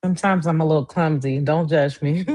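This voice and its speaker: Chatty woman hosting a live stream. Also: normal speed. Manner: chatty, addresses viewers directly; lively, swings up high in pitch. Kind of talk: casual live-stream chat.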